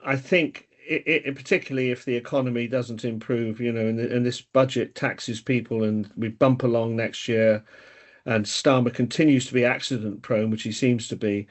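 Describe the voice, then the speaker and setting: A man's voice: mid-range voice, steady tone, moderate pace. A man on a political podcast panel, explaining his views at length. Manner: opinionated, expansive explanations. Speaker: political commentator. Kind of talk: casual political chat.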